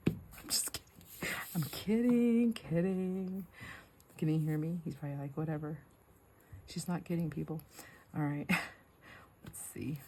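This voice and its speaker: Working on a craft project at home, this middle-aged host rambles casually, laughs a lot, and sometimes slips into a whisper. She has a deep voice with a darkish tone, and a slight hiss or hum sits in the recording.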